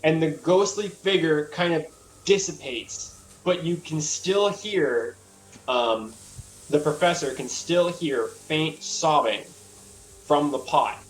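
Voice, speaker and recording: A man runs a tabletop game and describes each scene in a loose, rambling way. His voice sits a little high for a man, and he swears freely as he goes. He sounds like he is making it up on the spot. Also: slow, rough recording. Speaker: game master.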